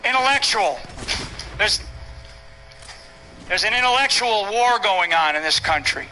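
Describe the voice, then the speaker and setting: A man's voice: high voice, expressive, unhurried, bright, forceful tone, rough recording. An older man speaking from a stage at a public event, emphatic and repetitive, often tagging lines with "right?". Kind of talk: rally speech.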